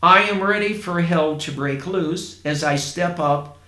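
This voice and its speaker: A man from Indiana telling a first-person story in a plain, unhurried way, with asides to his listeners. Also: a little high, bright, forceful tone. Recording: roomy echo.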